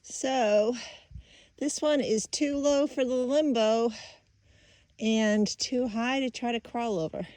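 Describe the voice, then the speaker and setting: A woman's voice: a little high, takes it slowly, darkish tone, no echo. A woman, vlogging casually and candidly from a mountain trail into a handheld camera, sometimes catching her breath. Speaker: hiking vlogger.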